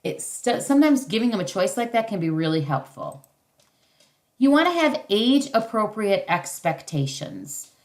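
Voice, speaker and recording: A woman's voice: mid-range voice, sing-song, normal speed. A middle-aged woman leading a parenting workshop over a video call, teaching casually and acting out short parent and child lines. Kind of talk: casual instructional talk.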